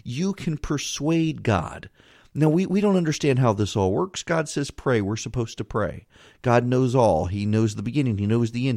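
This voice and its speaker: A man hosting a podcast, giving an earnest devotional reflection in a pleading, halting way, often restarting his words. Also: mid-range voice, darkish tone, no echo, clean studio sound. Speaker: podcast host.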